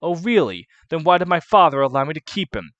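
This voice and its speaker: Man plays a haughty young princess; petulant, a bit high and loud. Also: very animated, brisk, no room sound, muffled recording.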